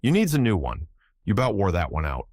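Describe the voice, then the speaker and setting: A man's voice: low-pitched, wildly swooping pitch, fairly quick, darkish tone, no echo, clean studio sound, full character voice. A man doing a grumbling, scolding teenage boy.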